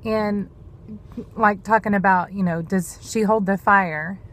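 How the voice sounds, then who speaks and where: A woman's voice: medium pitch, steady tone, measured pace, a bit bright. A woman, talking earnestly and a bit rambling in a devotional vlog. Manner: earnest, rambling, says "y'all". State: emotional, near tears. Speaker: vlogger sharing prophetic words.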